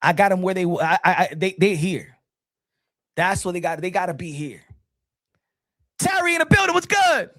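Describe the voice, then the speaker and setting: Man, live-stream boxing commentary, teasing, repetitive, laughing, lively pitch. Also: normal speed, pauses often.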